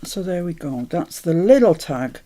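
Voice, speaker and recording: A woman's voice: lowish voice, big pitch swings, normal speed, warm tone. A woman hosting a live crafting stream, chatty and self-mocking, often laughing at herself.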